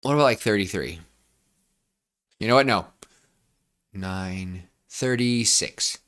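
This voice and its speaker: A man in his twenties co-hosting a podcast, brainstorming in a rambling, excitable way with lots of restarts. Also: lowish voice, slow pace, clean tone. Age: 20s. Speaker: podcast co-host. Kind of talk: casual brainstorming chat.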